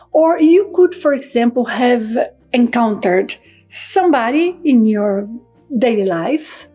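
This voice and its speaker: A woman who authored a book, calmly and methodically explaining an energy technique step by step, like a teacher. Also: high-pitched, husky.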